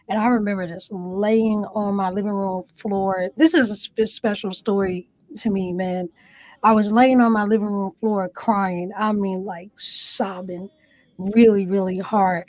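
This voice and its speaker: A woman's voice: mid-range voice, fairly even intonation, unhurried, darkish tone, no echo, poor audio. Woman comedian as interview guest; earnest, emotional storytelling that reenacts her own words; dry, close sound.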